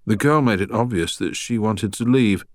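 A man's voice: on the low side, moderate pace, dry recording, studio quality, voice pushed up, close to an everyday voice. A man voicing a well-spoken young man who is a recovering heroin addict, hesitant and uneasy. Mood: nervous, confessing.

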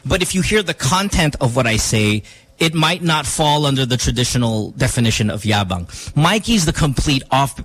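A man, hosting a radio show and telling a story in casual chat. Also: poor audio. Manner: animated storytelling, quoting others with rising pitch.

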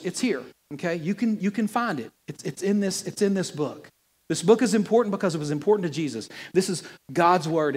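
A man preaching from a church pulpit, his voice sitting high for a man and lifting often when he gets excited. He talks to the congregation as if chatting, mixing jokes into the message. A long reverb from the sanctuary trails behind his words. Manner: animated, conversational preaching with playful asides. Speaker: pastor. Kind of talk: sermon.

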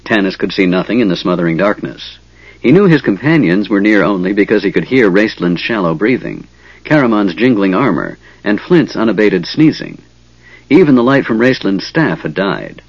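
Male audiobook narrator, expressive fantasy reading; husky tone, dull dry recording. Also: fairly low pitch, no room sound. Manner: expressive, measured storytelling.

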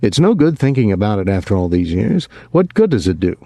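A man's voice: lowish voice, very animated, a little fast, mellow, no room sound. A male reader voicing an earnest, uneasy grown son in an audiobook, talking in a pressing way. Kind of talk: audiobook character reading.

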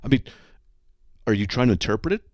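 A man's voice: medium pitch, fast, dry recording, clean studio sound. A man hosting a radio talk show about studying the Bible, talking emphatically and acting out conversations. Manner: animated, emphatic, acts out dialogues. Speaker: radio host.

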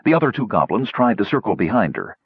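Low-voiced man narrating a fantasy story. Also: very animated, fast talker, slightly rough, dry recording, narrow, tinny audio. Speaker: audiobook narrator.

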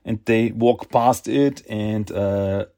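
A man hosting a podcast, casually recapping a comic book in a slow, halting way with lots of fillers. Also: fairly low pitch, fairly even intonation, mellow. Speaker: podcast host.

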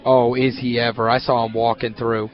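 A man hosting a sports radio show, telling stories in an animated, casual way. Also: mid-range voice, normal speed, highs cut off. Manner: animated storyteller, excitable. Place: hotel at a media event.

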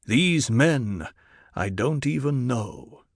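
A man voicing a stern male desert tribal leader in an audiobook reading, speaking in a formal, measured way. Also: medium pitch, lively intonation, no echo, studio quality, exaggerated voice. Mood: earnest.

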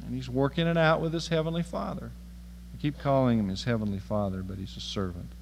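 A man's voice: mid-range voice, fast talker, creaky, darkish tone, in a large hall, slight background noise, rough recording. A man preaching a sermon in a folksy, humorous and emphatic way.

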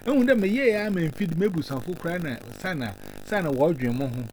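Animated man giving advice. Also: fairly high pitch, brisk, a little hiss or hum. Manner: earnest, lecturing, mixes in English words. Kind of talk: advice talk.

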